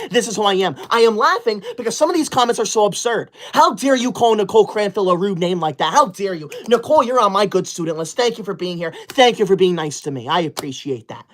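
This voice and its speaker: A man's voice: high voice, a bit bright. A young man hosting a comedy livestream in character, reading out super chats and scolding chatters in a prim, indignant, defensive way with overly formal wording. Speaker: livestream host.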